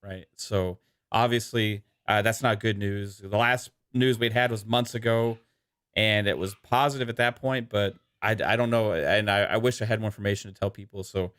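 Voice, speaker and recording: Laid-back male podcast host, bright voice, rambling with fillers. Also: fairly low pitch, moderate pace, smooth, no room sound, clean studio sound. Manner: relaxed, rambling with many fillers. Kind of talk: casual podcast chat.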